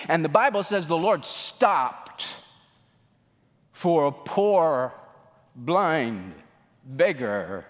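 A male pastor preaching a sermon, swinging from loud outbursts to hushed lines. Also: mid-range voice, expressive, a little slow, long reverb tail.

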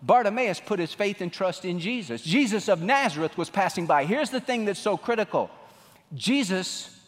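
A male pastor preaching a sermon, swinging from loud outbursts to hushed lines. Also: on the high side, long reverb tail.

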